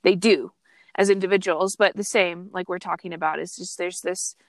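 A woman's voice: lowish voice, steady tone, moderate pace, no echo. A woman hosting a podcast, effusive and enthusiastic in casual conversation with her guest. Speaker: podcast host.

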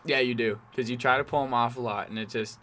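A young man co-hosts a podcast, chatting casually, laughing a lot and swearing as he rambles through crude stories. His mid-range voice is steady, fast, pushed and bright.

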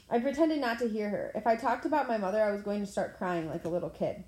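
A woman's voice: mid-range voice, fast, warm tone. A woman reading a novel aloud in plain storytelling style, with the odd stumble over words. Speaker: audiobook reader. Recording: roomy echo.

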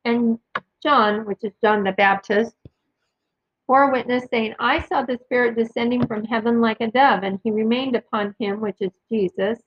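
A woman's voice: fairly high pitch, steady tone, moderate pace, slightly rough, lo-fi sound. A woman hosting a podcast, reading scripture passages aloud and adding her own asides and verse references. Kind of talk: casual Bible reading with commentary.

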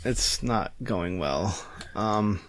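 Guy cohosting a podcast, rambly and jokey, pitch all over the place, dry close sound. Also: expressive, extremely slow, a bit bright, no room sound. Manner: rambling, self-interrupting, jokey. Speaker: podcast co-host. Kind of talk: casual chat, reading a listener email.

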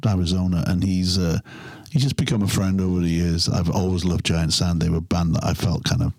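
A deep-voiced musician from England talks through his stories, circling back and restarting sentences and laughing now and then. The sound is dry and close, with no room echo. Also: fairly even intonation, a little fast, creaky, a little mellow. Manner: rambling, self-interrupting, chuckling storyteller. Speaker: musician guest. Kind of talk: casual interview chat.

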